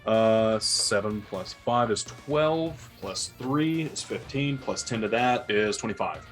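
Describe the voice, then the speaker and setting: A man playing a tabletop game, counting his dice rolls out loud and asking the dungeon master questions. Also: on the low side, expressive, takes it slowly, faint music behind. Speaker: player. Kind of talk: casual tabletop play.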